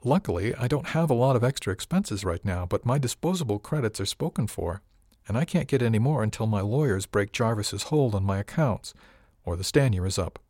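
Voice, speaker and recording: A man voicing a composed, wealthy young woman in an audiobook, calm and matter-of-fact. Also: on the low side, a little fast, no echo, clean studio sound.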